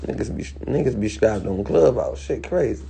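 A man's voice: fairly low pitch, expressive, moderate pace, creaky, mellow, slight background noise. A man from Washington DC in a heated, profane livestream rant into a phone, repeating himself.

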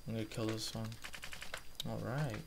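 A man's voice: fairly low pitch, steady tone, moderate pace, background noise. A young man hosting a let's play, casually commenting on his game and talking to his viewers, easily frustrated but upbeat. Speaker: gaming video host.

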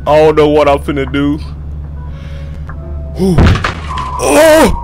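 A man's voice: flat delivery, a little slow, music in the background. A man playing a horror game and talking his viewers through it in casual, slangy chatter. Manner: reads game dialogue aloud in a lower voice, then reacts loudly. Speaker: gaming YouTuber.

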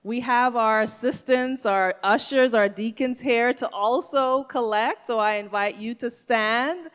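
Kobieta o gładkim głosie prowadząca nabożeństwo. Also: female voice, a little high, a little slow, clear, resonant tone. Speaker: church service host. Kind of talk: introducing guests and calling for an offering. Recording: long hall reverb.

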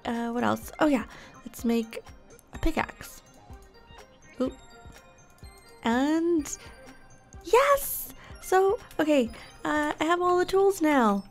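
A woman's voice: fairly high pitch, a little mellow. A young woman giving casual, bubbly gameplay commentary, gushing and gasping as she explores. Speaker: gaming YouTuber.

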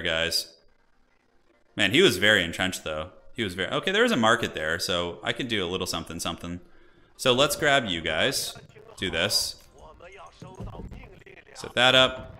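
A man's voice: lowish voice, sharp tone. A young man streaming a strategy game, chatting casually and thinking aloud as he plays. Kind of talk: casual gameplay commentary.

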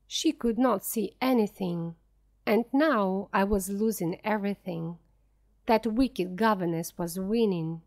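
A woman reads a simplified story aloud in a slow, deliberate way. Her pitch sits in the middle, and every word is spoken clearly. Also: darkish tone. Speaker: audiobook reader.

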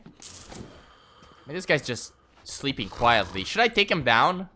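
A man's voice: medium pitch, sing-song, takes it slowly, long pauses, bright, forceful tone, slight background noise. A man streaming a game in casual, profane commentary, laughing and getting sidetracked. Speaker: gaming streamer.

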